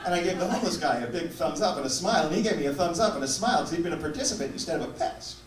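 Male comedian, wry measured storytelling, high voice, echoey theater. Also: expressive. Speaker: stand-up comedian. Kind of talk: stand-up storytelling. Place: theater stage. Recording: echoey live theater from far off, loud noise.

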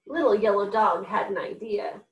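A woman hosting a children's reading program, reading picture books aloud in a gentle, animated way and giving the characters voices. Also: medium pitch, moderate pace, lo-fi sound. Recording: echoey room, a little far from mic.

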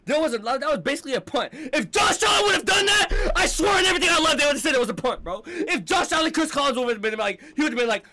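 A man's voice: very high-pitched, very animated, quick pace, few pauses, crowd noise. A young man hosting a sports reaction video, ranting in heated, slangy talk and tagging lines with "bro" and "fam". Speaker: sports fan reaction host.

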